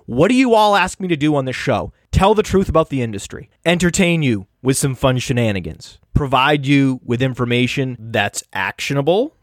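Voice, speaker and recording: A man hosts a sports podcast in an emphatic, exasperated rant. His voice sits at a middling pitch, and the recording is dry and close with no room sound. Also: no room sound. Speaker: fantasy football podcast host. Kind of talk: opinionated podcast monologue with ad read.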